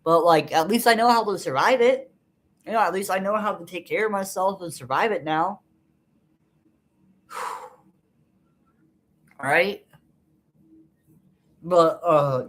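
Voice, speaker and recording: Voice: medium pitch, measured pace, pauses often, fairly bright tone. A vlogger in an unscripted personal monologue, venting in a frustrated, bitter way and swearing a lot, rambling with many fillers.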